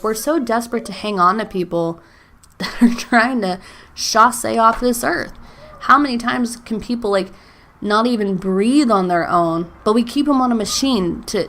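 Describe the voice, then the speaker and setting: A woman in her thirties hosts a faith podcast on her own, chatty and full of "like" and "um," laughing softly between thoughts and at times near tears. Her medium-pitched voice is a bit bright, with slight background noise.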